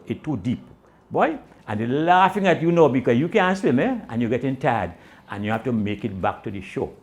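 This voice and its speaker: A storyteller tells comic stories in island dialect, acting out and voicing the people in his tales. His delivery is animated, with pitch that swings widely.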